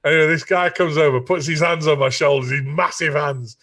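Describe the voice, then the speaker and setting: A middle-aged songwriter telling an animated story, often stumbling over and repeating his words. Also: a little high, fairly quick, distant mic. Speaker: songwriter guest.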